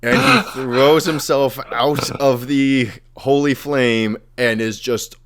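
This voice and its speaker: A man's voice: mid-range voice, expressive, slow, background noise. A young man casually retelling fantasy lore as a podcast host, acting out the characters' lines as he goes.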